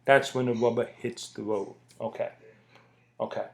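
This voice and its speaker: A man's voice: medium pitch, fairly even intonation, normal speed. A middle-aged man in a casual ranting monologue, blunt and profane, hammering his points home by repeating them. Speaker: podcast host.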